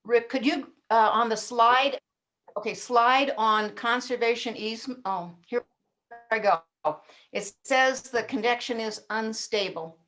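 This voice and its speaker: A woman's voice: a little high, unhurried, fairly bright tone. A woman speaking in an online meeting over a video call, hesitant, checking her connection.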